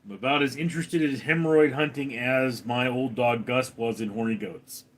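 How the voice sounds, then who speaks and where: A man hosting a casual livestream, reading chat comments aloud and answering with deadpan, sarcastic replies. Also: mid-range voice, moderate pace.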